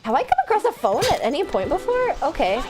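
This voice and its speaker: Excitable girl streamer, kinda high voice that bounces around, laughs and swears a lot. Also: quick pace. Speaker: game streamer. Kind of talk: casual live-stream gameplay chat.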